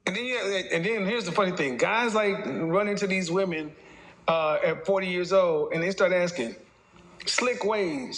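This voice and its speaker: A man's voice: sits high, a bit bright. A man giving a casual opinion monologue as a dating commentator, speaking mockingly and addressing his audience directly. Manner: mocking, lecturing, slips into quick impressions.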